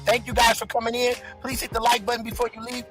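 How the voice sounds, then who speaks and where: High, bright-voiced man hosting a livestream. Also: flat delivery, fast talker, faint music behind, low-quality recording. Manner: loose, conversational, hypes the chat. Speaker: livestream host. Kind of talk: casual livestream chat.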